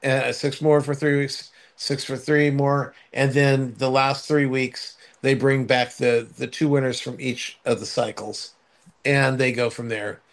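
A man's voice: mid-range voice, level tone, unhurried. An older man chatting casually as a co-host, telling a long anecdote with many restarts and fillers. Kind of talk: casual chat.

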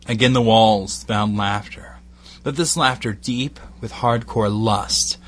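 A man reading an erotic bedtime story as slow, deliberate scripted narration. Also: lowish voice, fairly even intonation.

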